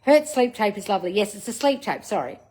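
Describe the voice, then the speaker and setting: A woman's voice: mid-range voice, big pitch swings, fast, a little mellow, slightly rough. Blunt, swearing woman on a livestream. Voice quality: blunt, swears freely, scolding coach manner. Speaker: livestream host answering viewer comments. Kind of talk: casual live chat, reading out comments.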